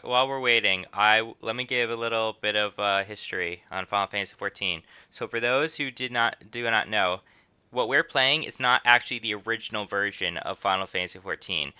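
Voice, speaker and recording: Male streamer, casual game commentary, bright crisp voice, dry close mic. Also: on the low side, dry recording. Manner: rambling, laughing asides.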